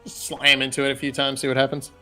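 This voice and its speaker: A man narrating as dungeon master in a casual, relaxed way, with frequent fillers. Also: mid-range voice, fast, soft background music. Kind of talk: narrating a tabletop game on a live stream.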